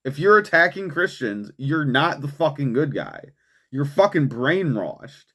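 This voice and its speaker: Male show host ranting heatedly, swearing, tripping over his words; fairly high voice with wide pitch swings. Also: measured pace, slightly rough. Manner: agitated, profane, stumbling restarts, lively pitch. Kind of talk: heated political commentary.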